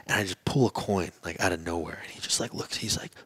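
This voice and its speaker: A man, a podcast guest, telling a story in a lively way and acting out other people's lines. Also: sits low, fast, slightly rough, no echo. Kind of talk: casual storytelling interview. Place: convention trade show booth.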